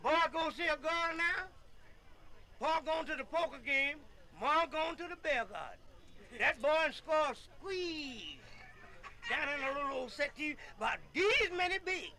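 A man's voice: very high voice, animated, moderate pace, bright, forceful tone, poor audio. A man telling comic folk stories in a folksy way, often laughing and repeating "yeah.". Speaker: storyteller.

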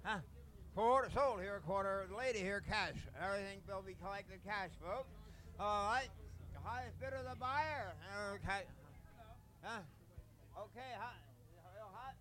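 A man auctioneer from Pennsylvania Dutch Country, with a high voice that has a sharp, bright edge. He calls bids in a fast, rhythmic chant at a live sale. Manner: rapid rhythmic bid-calling chant.

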